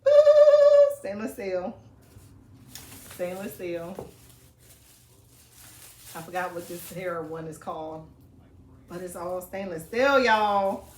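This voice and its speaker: Excitable woman in an echoey room. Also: lowish voice, slow pace, long pauses, a little hiss or hum. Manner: chatty, excitable, talks to viewers as y'all. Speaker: family vlogger. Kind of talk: casual unboxing vlog. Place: home, indoors.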